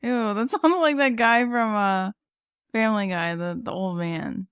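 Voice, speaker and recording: A podcast co-host from San Antonio, Texas, chats casually in a medium-pitched, expressive, fairly bright and smooth voice at a measured pace. She's talkative, laughs often, and uses many fillers, and the recording is clean studio sound with no echo.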